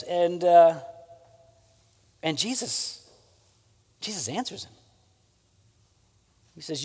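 A man's voice: fairly high pitch, lively intonation, takes it slowly, pauses often, darkish tone, husky. A man preaching a sermon as pastor, talking to the listeners in a conversational way and often checking in with "right?". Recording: long hall reverb.

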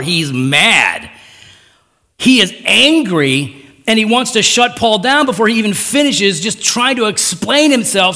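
Animated casual preacher, lively pitch. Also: male voice. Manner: casual, conversational preaching with slang and quick asides; animated, acting out biblical quotes in raised voice. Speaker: pastor. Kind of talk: sermon.

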